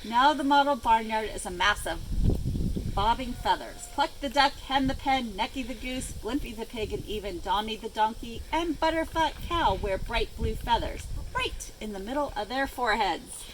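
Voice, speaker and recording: Librarian lady reading a kids' story out loud by the chickens, lively storyteller voice, outdoor noise. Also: a little high, moderate pace. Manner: expressive storytelling. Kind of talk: reading a picture book aloud to children. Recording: outdoor noise with farm animals.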